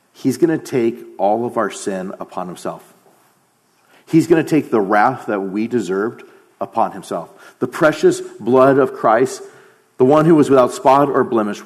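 A man preaching a sermon, emphatic, dropping to a near-whisper on key phrases. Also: mid-range voice.

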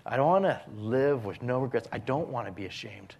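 A man preaching a sermon as a pastor, earnest, often dropping his voice to a hushed whisper on key phrases. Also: medium pitch, expressive, a little fast, vocal fry, dull audio, a little hiss or hum.

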